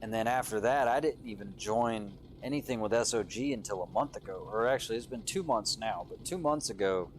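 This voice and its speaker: A man doing live play-by-play commentary on a drift competition from a commentary booth, excitable and swearing casually, his voice jumping up on big moments. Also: on the low side, a little fast, hardly any pauses, slight background noise.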